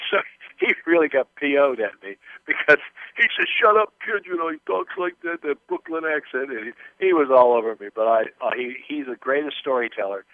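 A man's voice: mid-range voice, dry recording. An older man, a former football player, telling rambling anecdotes as an interview guest, with many restarts. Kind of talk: casual interview storytelling. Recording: tinny phone line.

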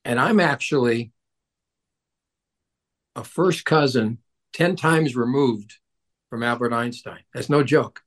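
A man's voice: medium pitch, slow pace, long pauses, a bit bright. A man hosting an overnight sports radio show, greeting listeners and interviewing a guest with upbeat emphasis.

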